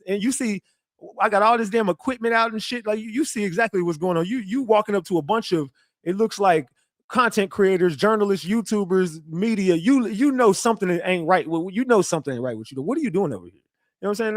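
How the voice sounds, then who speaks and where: A man's voice: high voice, fairly quick, no echo, studio quality. A man ranting casually on a livestream. He is defensive and boastful, swears a lot and talks straight to his chat with many restarts. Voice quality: profane, animated, repetitive restarts. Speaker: livestream commentator.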